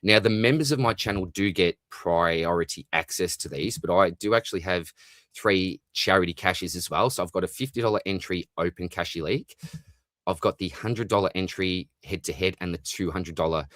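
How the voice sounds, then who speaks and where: A man's voice: sits low, brisk, a bit bright, no room sound. An Australian man in his thirties hosting a casual live-stream chat from his home, greeting viewers by name with lots of matey slang. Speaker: fantasy football channel host. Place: home room with collectibles behind him.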